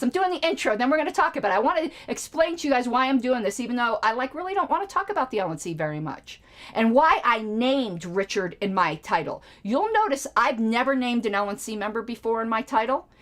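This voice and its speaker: A woman's voice: on the high side, a bit bright. A middle-aged woman hosting a live stream, ranting in a sarcastic, combative and profane way. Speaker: show host.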